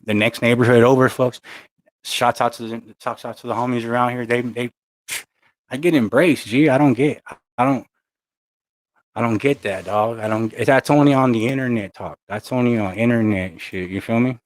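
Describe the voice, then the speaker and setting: A man's voice: medium pitch, fairly even intonation, normal speed, no echo. A young man, chatting casually to his channel and rambling through stories in loose street slang. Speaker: channel host. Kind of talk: casual chat to camera.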